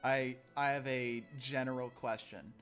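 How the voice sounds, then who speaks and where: A man's voice: mid-range voice, fairly even intonation, a little slow, fairly bright tone, faint music behind. A man running a tabletop game as game master, casual and joking. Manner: joking, playful.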